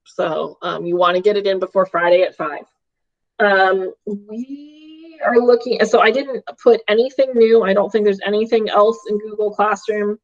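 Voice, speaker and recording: A woman's voice: medium pitch, fairly even intonation, moderate pace. A woman math teacher giving a live online class from home, upbeat and checking in with her students often. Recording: dull lo-fi stream audio.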